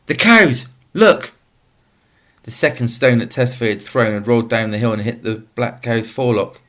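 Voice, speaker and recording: A man narrating a children's novel in a steady, measured reading voice. His pitch sits in the middle range for a man, and he paces the story evenly. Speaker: audiobook narrator.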